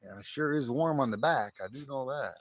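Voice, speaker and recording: Chatting with live viewers on his phone, a middle-aged man stands outside in the morning sun, laughing a lot and slipping into jokey put-on voices. He talks briskly at a medium pitch, and there's no room sound.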